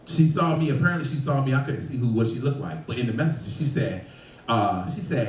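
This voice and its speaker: A man performing a lively stand-up set in a bar, laughing and shouting through his punchlines. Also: medium pitch, moderate pace, slight background noise. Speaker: stand-up comedian. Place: bar comedy show. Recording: roomy, from a distance.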